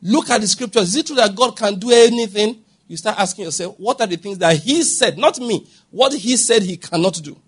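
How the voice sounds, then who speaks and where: Male pastor, higher voice with some rasp, emphatic sermon delivery that questions the listeners. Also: brisk. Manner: emphatic, asks the congregation questions often.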